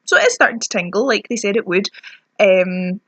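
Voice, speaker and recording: A woman's voice: mid-range voice, brisk, fairly bright tone, dry recording. Young woman, Scottish accent, ranting review, self-mocking, lips stinging, dry close sound. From Scotland. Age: young adult. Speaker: beauty vlogger. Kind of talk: product review vlog.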